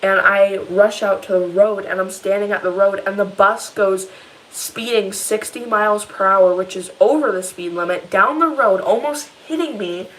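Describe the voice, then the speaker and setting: A teenage girl telling a long, rambling story in a casual vlog, upset and animated as she retells it. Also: medium pitch, normal speed, poor audio. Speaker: vlogger.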